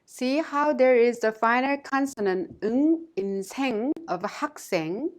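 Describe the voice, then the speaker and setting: Woman teaching in a clear, careful voice. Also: a little high, moderate pace. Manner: clear, careful delivery, saying words twice for learners to repeat. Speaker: language teacher. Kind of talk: scripted lesson narration.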